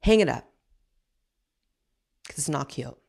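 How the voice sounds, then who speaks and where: A woman's voice: low-pitched, lively intonation, slow pace, vocal fry, a little mellow, slightly rough. A woman hosting an opinionated commentary show, talking in a blunt, sarcastic, ranting way.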